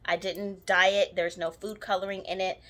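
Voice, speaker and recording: A woman's voice: medium pitch, level tone, moderate pace, a bit bright. A woman giving a casual how-to talk to camera about spells, chatty and rambling, with many ums and restarts. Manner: enthusiastic about her own work. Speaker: spiritual practitioner teaching jar spells.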